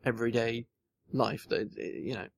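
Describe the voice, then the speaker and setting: A man's voice: medium pitch, little pitch movement, moderate pace, gravelly. Young guy rambling through a story on a casual podcast, lots of restarts. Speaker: podcast co-host. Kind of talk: casual chat.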